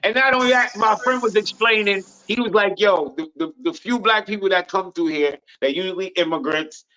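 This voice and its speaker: An American man on a podcast panel, telling stories in a loud, animated voice and swearing a lot. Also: high-pitched, fairly quick, slight background noise. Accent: American English. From United States. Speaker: panel guest. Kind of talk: casual storytelling on a podcast panel. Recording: dull lo-fi remote audio.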